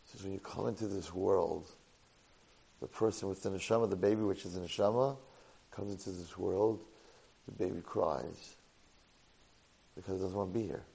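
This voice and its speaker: A man teaching a Torah portion lesson to a live class, an animated storyteller sprinkling in Hebrew and Yiddish words. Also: sits low, normal speed, vocal fry, pauses often, husky, rough recording.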